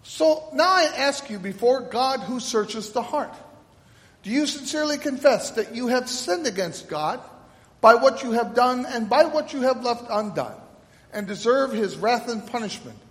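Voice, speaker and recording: A man serving as pastor, making announcements and then leading the liturgy in a solemn, measured cadence. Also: very high voice, expressive, fairly bright tone. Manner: solemn liturgical cadence with call and response prompts. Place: church sanctuary. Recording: echoey church hall, mic at a distance.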